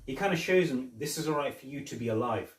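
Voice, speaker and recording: A man's voice: medium pitch, lively intonation, fast talker. A man hosting a casual film review podcast, rambling as he retells scenes with quoted lines. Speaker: podcast host. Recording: roomy echo, mic at a distance.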